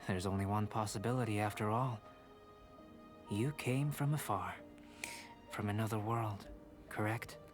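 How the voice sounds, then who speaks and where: An actor playing a calm, detached young alchemist and painter who talks in an even, scholarly, slightly bored cadence. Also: male voice, on the low side, measured pace, pauses often, over music, lightly acted.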